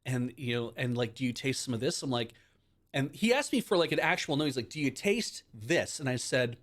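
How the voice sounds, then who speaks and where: A man's voice: medium pitch, brisk. Chatty man rambling on a stream. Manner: rambling, animated, acts out quoted dialogue. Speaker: stream host. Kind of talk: casual live-stream chat.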